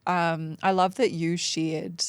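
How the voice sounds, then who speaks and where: A woman's voice: lowish voice, little pitch movement, takes it slowly, clean tone, dry recording. A woman speaking candidly as a coaching client on a podcast, frank and self-deprecating, swearing casually and laughing often. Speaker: coaching client, mom and entrepreneur.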